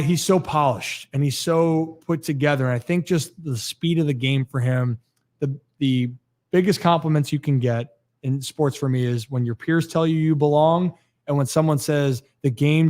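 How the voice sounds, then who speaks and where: A man's voice: fairly high pitch, moderate pace, darkish tone. A man hosting a sports talk livestream, chatty and rambling, out of breath at the end of a long day. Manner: chatty, rambling with restarts and fillers. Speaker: podcast host. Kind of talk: casual sign-off of a sports livestream.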